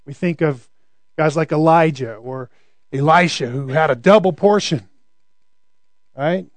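A man's voice: fairly high pitch, measured pace, dry recording. A man preaching a conversational sermon, often asking rhetorical questions.

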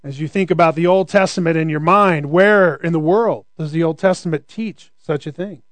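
A man's voice: fairly high pitch, normal speed, no room sound. A man preaching a conversational sermon, often asking rhetorical questions.

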